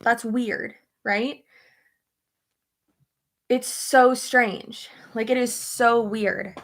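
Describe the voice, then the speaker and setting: A young woman beauty vlogger chats casually while getting ready, rambling with lots of "like," laughing often, and retelling conversations as quoted dialogue. Her voice is fairly high and gravelly, with fairly even intonation, and she speaks very slowly.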